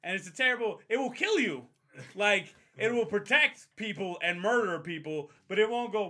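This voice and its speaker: A man's voice: sits high, normal speed. A young man telling a long story to friends in casual chat, swearing a lot and acting out the voices of the people in it. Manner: profane, animated, acts out voices. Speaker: storyteller on a podcast.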